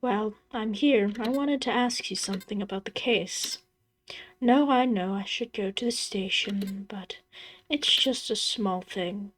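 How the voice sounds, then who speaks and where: A woman voicing a grieving, obsessed father in a horror game, speaking quietly and evasively. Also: medium pitch, unhurried, close to an everyday voice. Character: grieving obsessed father, middle-aged man.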